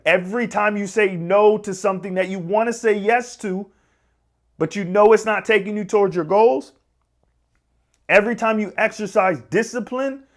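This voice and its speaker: A man talking as a fitness coach, giving an emphatic, repetitive motivational talk to camera. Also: high-pitched.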